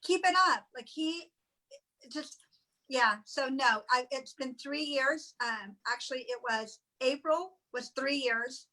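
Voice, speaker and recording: A woman sharing an emotional personal testimonial in halting, tearful speech with many restarts. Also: high-pitched, sharp tone, poor audio. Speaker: guest sharing weight-loss story.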